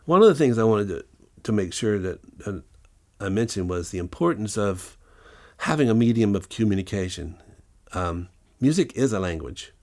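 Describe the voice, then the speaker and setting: A man with a fairly low voice telling long stories in an interview. He is a musician and music teacher who rambles, fills pauses with "um" and restarts his sentences often. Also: expressive, darkish tone. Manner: rambling, anecdotal, with many fillers and restarts. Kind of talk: interview storytelling.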